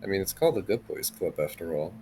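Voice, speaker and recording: A man voicing his character in a tabletop game, speaking gently and coaxingly to another player's character. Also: sits low, lively intonation, fast, slight background noise. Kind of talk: in-character tabletop role-play.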